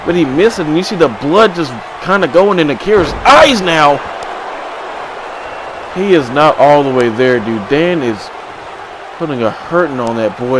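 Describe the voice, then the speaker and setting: A man giving excited play-by-play commentary on a video game wrestling match, swinging from low mutters to sudden shouts. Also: normal speed. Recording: crowd and game noise behind.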